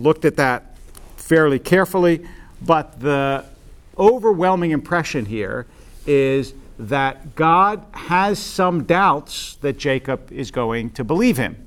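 A man teaching a Bible study class to a group in a room. He lectures informally, often checking in with "right?" and pausing on "um". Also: a little high. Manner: conversational, checks in with "right?", frequent "um".

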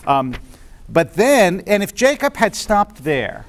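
A man teaching a Bible study class to a group in a room. He lectures informally, often checking in with "right?" and pausing on "um". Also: sits high, very animated. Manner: conversational, checks in with "right?", frequent "um".

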